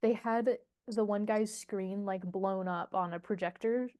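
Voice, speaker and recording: A woman's voice: mid-range voice, steady tone, measured pace, darkish tone, dull audio. A woman co-hosting a casual podcast chat, giggling often and musing thoughtfully with frequent fillers. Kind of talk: casual chat about a film.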